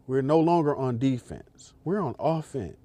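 A man's voice: medium pitch, very animated, normal speed, warm tone, no echo. A man hosting a podcast, delivering an emphatic, repetitive and profane political commentary straight to his listeners. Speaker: podcast host. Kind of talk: impassioned political commentary monologue.

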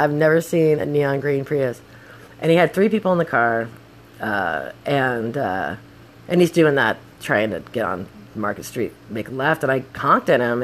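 A young woman telling a casual story full of swearing, acting out the shouting. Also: deep voice, a little hiss or hum. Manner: profane, animated, acts out the shouting.

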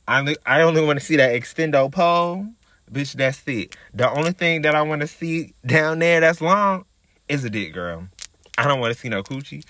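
A man's voice: fairly high pitch, animated, normal speed, a bit bright, no echo. A man hosting a podcast, telling a story in a sassy, profane, chatty monologue. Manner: sassy, profane, chatty, calls listeners girl. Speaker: podcast host.

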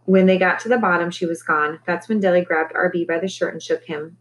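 Woman teacher, novel read-aloud, relaxed, low-pitched voice. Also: fairly quick, poor audio. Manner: relaxed, conversational asides between chapters.

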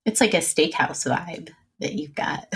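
A woman's voice: sits low, a little slow, a bit bright, slightly rough. A woman hosting a casual chat, asking questions and reacting encouragingly. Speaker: host.

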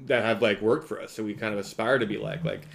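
A man's voice: on the low side, steady tone, quick pace, gravelly. A man co-hosting a podcast, chatting casually and telling rambling stories with frequent laughter. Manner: rambling storyteller, laughs often, breaks into impressions. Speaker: podcast co-host. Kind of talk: casual chat.

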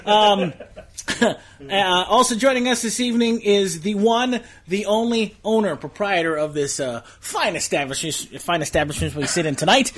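High-voiced man hosting, rambling. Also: normal speed. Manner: rambling, laughing, lots of fillers. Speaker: podcast host. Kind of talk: casual chat, introducing the crew. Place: comic shop, indoors, with several friends. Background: group chatter and laughter.

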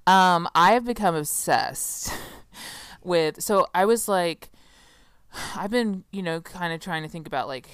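Chatty sarcastic woman with a low, smooth voice. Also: measured pace, no room sound, clean studio sound. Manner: chatty, sarcastic, rambling, laughs often. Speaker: podcast co-host. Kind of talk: casual chat.

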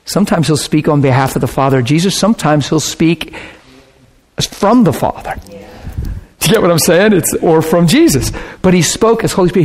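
A man preaching, telling a personal story with lively swings between hushed and shouting moments. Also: fairly high pitch, normal speed. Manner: animated, bursts into shouting and laughter. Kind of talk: sermon storytelling.

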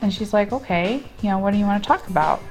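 A woman co-hosting a podcast launches into a gossipy story, voicing each person in it and laughing along as she goes. Her pitch sits in the middle range, and faint music plays underneath. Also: fast. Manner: animated storyteller acting out quoted people, laughing often. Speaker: podcast co-host. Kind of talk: casual storytelling chat.

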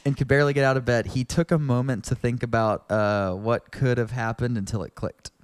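A man co-hosting a podcast, casually reading fan fiction aloud in a deadpan way with wry asides. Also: mid-range voice, fairly quick, clear, resonant tone, no room sound. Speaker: podcast co-host.

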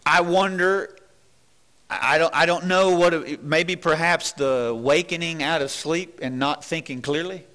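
A man preaching a sermon. His voice sits a little high and sounds bright and forceful. He is earnest and questioning, restarts often, and drops low when he acts out doubtful thoughts. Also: a little slow.

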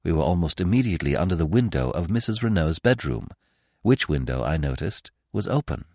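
A man narrating a classic story in measured, scripted audiobook style. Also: deep voice, lively intonation, darkish tone, no room sound, clean studio sound. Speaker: podcast narrator.

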